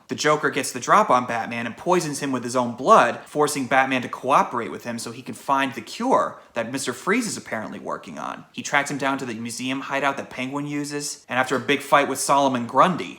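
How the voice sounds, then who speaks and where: A man's voice: mid-range voice, pushed and bright. A man giving a casual video game review, chatty and recapping the plot with asides.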